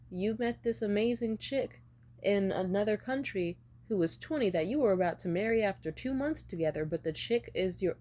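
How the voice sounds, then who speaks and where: Young woman vlogger, casual storytime rant, profane and sarcastic, mid pitch. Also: darkish tone.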